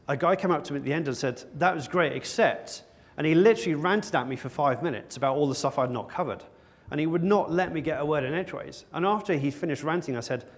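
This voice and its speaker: A man giving a conference talk to an audience, wry and joking at his own expense. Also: a little high. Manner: wry, with self-mocking jokes. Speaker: conference speaker. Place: conference stage before an audience.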